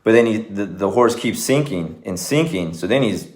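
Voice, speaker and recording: A man's voice: on the low side, animated, moderate pace. A man, a martial arts coach, talking casually and earnestly to his viewers, rambling with many fillers and restarts. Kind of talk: casual talk to camera.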